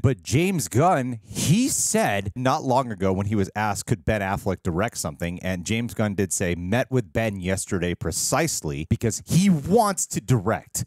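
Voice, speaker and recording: A man hosting a casual entertainment news chat, jokey and animated, acting out quotes in big voices. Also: on the low side, a little slow, few pauses, dry recording, clean studio sound. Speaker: podcast host.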